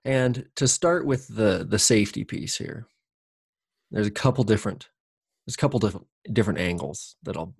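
A man's voice: fairly low pitch, expressive, normal speed, creaky, breathy edge, dry recording, studio quality. A man in casual reflective conversation, talking candidly in a rambling way, with many fillers and restarts and casual swearing.

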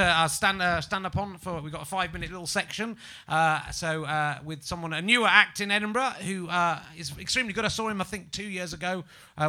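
A man's voice: high-pitched, pushed and bright. A man hosting a live comedy show, chatting with a guest in a joking, rambling way and laughing often. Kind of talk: live stage chat with a guest.

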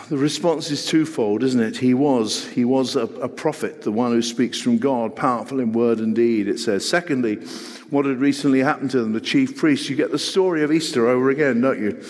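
Middle-aged preacher, earnest sermon delivery with rhetorical questions, long reverb of a hall. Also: male voice, medium pitch. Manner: earnest, rhetorical questions, shifting between loud and hushed.

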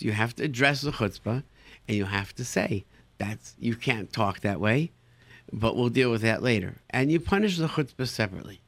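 Animated man therapist, dry sound. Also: no room sound. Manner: animated, acts out incredulous reactions with sudden jumps in pitch; sprinkles Yiddish words into his talk. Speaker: therapist giving parenting advice. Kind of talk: advice talk answering listener questions.

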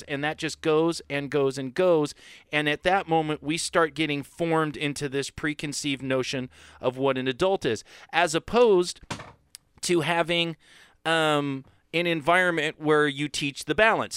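A man's voice: on the high side, measured pace, fairly bright tone, smooth, no room sound, clean studio sound. A man co-hosting a podcast, talking casually and explaining his ideas at length. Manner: earnest, rambling explainer. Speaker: podcast co-host.

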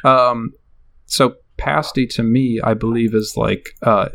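A man's voice: mid-range voice, fairly even intonation, takes it slowly, creaky, a bit bright. Hesitant man casually co-hosting a podcast. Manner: hesitant, many likes and ums. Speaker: podcast co-host.

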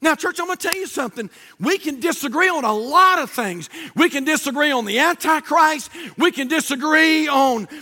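A male pastor delivers a lively sermon in a very high voice. His tone is bright and ringing. He carries long anecdotes and climbs into shouted emphasis. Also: normal speed, few pauses. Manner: animated storytelling preacher, shouting at peaks. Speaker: Baptist pastor.

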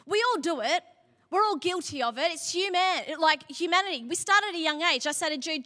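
Bright-voiced woman preaching. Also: very high-pitched, animated, fairly quick. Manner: conversational, laughing asides, building to emphatic preaching. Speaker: pastor. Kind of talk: sermon with personal story. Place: church hall. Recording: long hall reverb.

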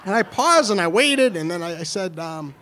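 A young man with a New York accent telling a funny personal story, animated and self-deprecating, with halting restarts. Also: sits high. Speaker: storyteller and comedian. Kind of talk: comedic personal story told to an audience.

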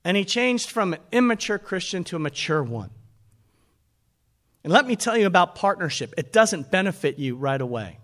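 A man preaching a sermon as pastor, animated and calling out to his congregation. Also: high-pitched, moderate pace.

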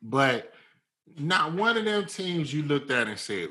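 A man's voice: medium pitch, measured pace. A man in a casual sports debate, arguing animatedly and cutting in on the others. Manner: animated, argumentative, interrupts.

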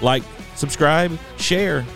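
A man's voice: on the high side, drawn-out words, creaky, over music. A man hosting a casual church podcast, leading a prayer and joking with his co-host and guest. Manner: joking, animated, teasing.

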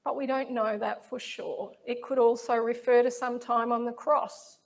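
A woman preaching a sermon, reading scripture in a slow, measured, reflective way. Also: on the high side, steady tone, creaky.

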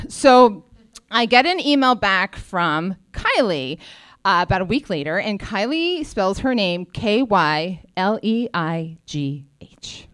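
A woman telling a personal story in a wry, self-deprecating and animated way. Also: medium pitch, slow pace, clear, resonant tone, no room sound. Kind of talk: live storytelling monologue.

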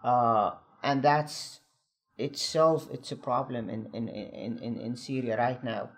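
A male political commentator in a news discussion, earnest and halting as he searches for words. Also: mid-range voice, steady tone, a little hiss or hum.

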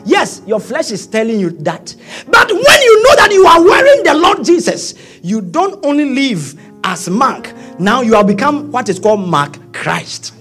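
A man, preaching a sermon, swinging from quiet asides to shouting. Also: extremely high pitch, huge pitch swings, a little slow, faint music behind. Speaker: pastor.

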